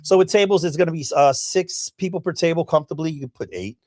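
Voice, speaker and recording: A man's voice: fairly high pitch, fast talker, a little mellow, dry recording, studio quality. A man who is a guest on a podcast, explaining event details in a friendly, step-by-step way. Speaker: guest, bodybuilder and event organizer. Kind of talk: casual podcast chat.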